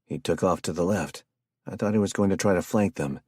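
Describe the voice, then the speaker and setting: Un hombre que hace de superviviente burlón. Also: male voice, low voice, a little fast, darkish tone, slightly rough, dry recording, clean studio sound. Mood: teasing. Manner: teasing. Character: teasing male survivor, easygoing.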